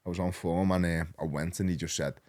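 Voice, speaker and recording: Very deep-voiced Liverpool man telling stories. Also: a little fast. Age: 30s. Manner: rambling and animated, peppered with slang. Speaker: podcast guest. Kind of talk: casual storytelling.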